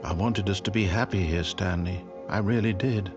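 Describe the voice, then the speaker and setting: A man's voice: sits low, normal speed, lightly acted. An actor playing a wry, dry male narrator in a video game, speaking with ironic theatrical flair. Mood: plaintive. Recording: dull game audio with music.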